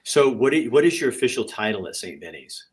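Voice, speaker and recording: A man's voice: medium pitch, sing-song, fast. A man hosting an interview, asking short, encouraging follow-up questions. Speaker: interview host. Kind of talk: conversational interviewing.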